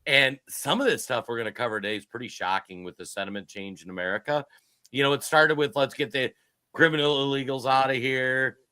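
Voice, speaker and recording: A fifty-year-old man co-hosting a political podcast with a bright, forceful voice. He talks in an excitable, joking and emphatic way, and the sound is close and dry. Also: medium pitch, a little fast, clear, resonant tone, no echo. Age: 50s. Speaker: podcast co-host. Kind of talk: casual political podcast chat.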